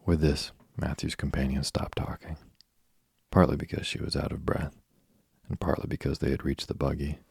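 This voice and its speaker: A man narrating a classic novel as a slow, even bedtime story. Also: rumbling low, creaky, slightly rough, no room sound, clean studio sound.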